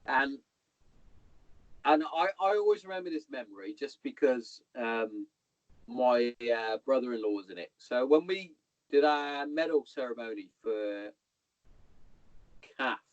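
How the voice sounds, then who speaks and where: A man's voice: medium pitch, a little slow, pauses often, no room sound. A man, a podcast guest rambling through army anecdotes in casual chat, swearing a lot and calling the listener "mate". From Hereford, England. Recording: dull lo-fi podcast audio.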